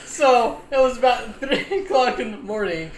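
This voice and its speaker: A young man casually telling a story to friends on a podcast, animated, laughing often and acting out the people in it. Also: extremely high pitch, moderate pace, slight background noise. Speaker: podcast host. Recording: echoey room with faint ambience.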